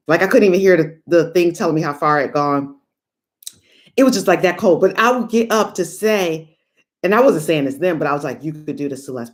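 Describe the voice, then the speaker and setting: A middle-aged woman giving a lively motivational talk to online viewers, chatty and animated, calling them "y'all" and breaking into laughs and high whoops. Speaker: motivational speaker.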